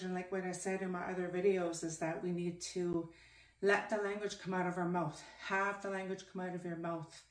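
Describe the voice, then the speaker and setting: A woman who is out of breath from exercise, slowly counting aloud in steady repetitions, then talking casually about keeping active. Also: on the low side. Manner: slow rhythmic repetition, breathy and effortful. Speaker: language learner doing a fitness challenge. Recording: echoey room, mic at a distance.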